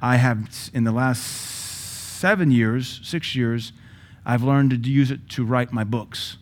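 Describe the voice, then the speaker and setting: A male pastor teaching a sermon in a lively, joking way, now and then breaking into praying in tongues. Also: medium pitch, slow pace.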